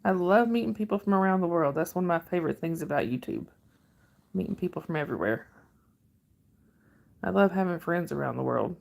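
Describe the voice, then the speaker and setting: A middle-aged woman from northern Georgia with a Southern drawl hosts a casual livestream, answering viewer comments in a rambling, friendly way. Her fairly low, creaky, darkish voice is animated and brisk, broken by long pauses.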